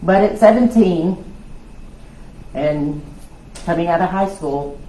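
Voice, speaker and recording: A woman, giving a loud, lively personal testimony at a women's conference. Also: fairly low pitch, slow pace. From South Louisiana. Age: 60s. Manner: loud, lively storytelling with laughs and acted-out voices. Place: church hall. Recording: echoey hall with faint noise.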